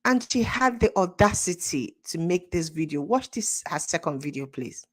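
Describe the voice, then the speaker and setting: Nigerian woman with a low voice. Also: lively intonation, normal speed, slight background noise. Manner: indignant, exclaiming, laughs often. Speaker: commentary channel host. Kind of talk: casual social commentary.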